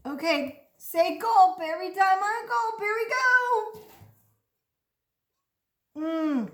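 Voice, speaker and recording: Super high-pitched lady doing a kids speech lesson, slow and animated, kinda echoey room. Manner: animated, encouraging, slow over-articulated prompts. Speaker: children's speech teacher.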